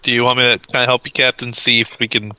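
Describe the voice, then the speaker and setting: A man's voice: mid-range voice, flat delivery, fast, bright, forceful tone, clean tone, no room sound, highs cut off. A man playing a tabletop roleplaying game, describing his character's actions in a rambling way with many "like" fillers. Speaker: player.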